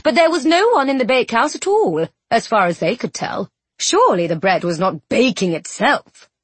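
A woman reads a children's story aloud with expressive, playful narration and the occasional aside to the listener. Her voice is fairly high and lively, with a husky, breathy texture. The sound is close and dry, with no room echo. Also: moderate pace. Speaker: audiobook narrator. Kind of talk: scripted narration.

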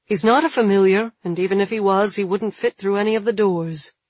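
A woman narrating an audiobook, voicing a stern older caretaker who talks gravely and bluntly, with a husky tone. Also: mid-range voice, fairly quick, a little mellow, dry recording, muffled recording, lightly acted.

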